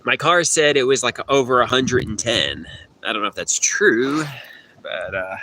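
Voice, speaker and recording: A man's voice: mid-range voice, animated, moderate pace, bright, forceful tone, a little hiss or hum. A man chatting in a rambling way on a phone livestream from an outdoor swimming pool, putting on a mock New York accent. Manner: rambling, hums and sings snippets. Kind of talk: casual livestream chat answering comments. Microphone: phone camera.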